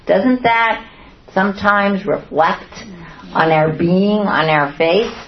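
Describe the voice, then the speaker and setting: A woman with a mid-range voice speaks slowly while teaching a group Bible study, with slight background noise in a roomy, dull lo-fi recording. She often turns questions on her listeners and acts out what she quotes.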